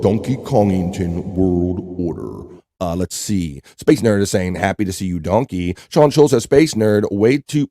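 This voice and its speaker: A man's voice: medium pitch, no room sound, clean studio sound. Laid-back man hosting a chat livestream. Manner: reads chat messages aloud and gives lively shout-outs; playful, loose and joking. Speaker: livestream host.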